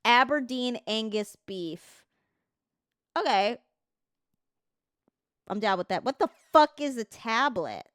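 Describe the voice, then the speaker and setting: A woman's voice: fairly high pitch, lively intonation, takes it slowly, long pauses, fairly bright tone, no room sound, studio quality. A woman streamer chatting casually on a livestream, reading text aloud, swearing freely and stumbling over words as she reads.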